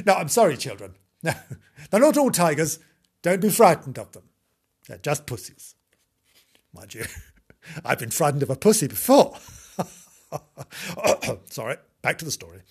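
A man's voice: a little high, big pitch swings, measured pace, long pauses, husky. A man reading a children's book aloud in a mock-sweet tone, with cheeky ad-libbed asides and giggles. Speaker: comic storyteller.

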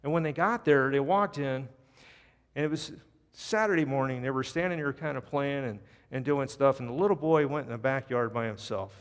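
A man's voice: medium pitch, normal speed. Earnest preacher man in a church. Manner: storytelling, earnest, drops soft at invitation. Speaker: pastor. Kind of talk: sermon and altar call. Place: church sanctuary. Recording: long church reverb, faint music.

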